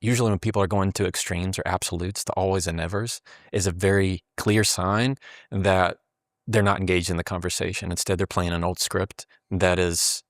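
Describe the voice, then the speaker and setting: A man's voice: sits low, fairly even intonation, normal speed, no room sound, clean studio sound. A man in casual conversation who explains communication habits and acts out quoted dialogue as he goes.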